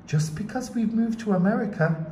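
A man's voice: sits high, normal speed, warm tone, a little hiss or hum, pitched above the performer's own voice, lightly acted. A man voicing a reassuring mother in a raised voice, read from a picture book in an echoey room.

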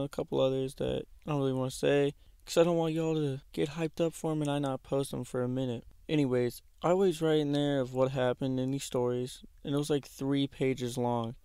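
A man's voice: medium pitch, warm tone, clean tone, dry recording. Slangy teen guy telling a story. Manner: slangy, profane, rambling. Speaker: YouTuber. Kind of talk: casual storytime vlog.

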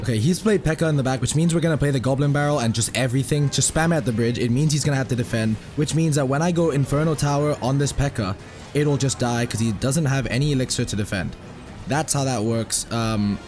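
A man's voice: mid-range voice, a little mellow. Man, gaming commentary, casual, sweary, ranting, faint music behind. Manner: ranting, sweary, fast-talking. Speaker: gaming channel host.

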